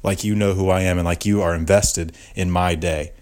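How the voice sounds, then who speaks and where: A man's voice: low voice, steady tone, moderate pace, a little mellow. A young man hosting a podcast, ranting with exaggerated mock outrage and constant swearing. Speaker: podcast host. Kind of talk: comedic podcast rant.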